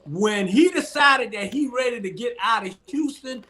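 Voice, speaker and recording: Sports talk guy on a video call, bright voice that jumps around a lot, keeps hammering the same point. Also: very high voice, expressive, moderate pace. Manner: emphatic, repeats his points. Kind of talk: heated sports debate.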